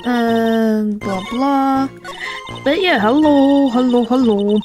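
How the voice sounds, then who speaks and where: A playful woman chatting to her viewers as she streams a game. Her voice sits a little high, and faint game music plays underneath. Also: extremely slow. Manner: chatty, playful, talks to herself. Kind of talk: casual chat.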